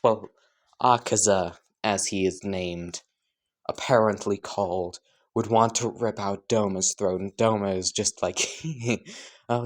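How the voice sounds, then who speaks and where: A man casually narrating an improvised fan story, rambling and laughing to himself. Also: lowish voice.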